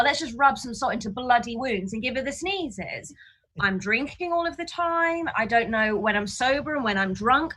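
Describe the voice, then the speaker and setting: A woman doing a frank, ranting stand-up set from her flat. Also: a little high, rough recording. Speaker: stand-up comedian. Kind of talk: stand-up set streamed from home. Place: flat, indoors.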